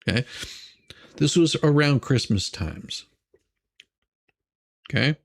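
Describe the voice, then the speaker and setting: A man's voice: medium pitch, animated, slow, vocal fry. A man hosting a livestream, riffing in a rambling, mocking way, laughing and repeating himself. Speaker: livestream host reacting to court drama. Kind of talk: casual commentary.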